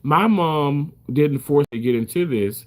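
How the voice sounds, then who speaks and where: A man's voice: a little high, unhurried. A man who works as a surgical first assist, talking casually to the camera in an emphatic way, repeating himself and swearing freely.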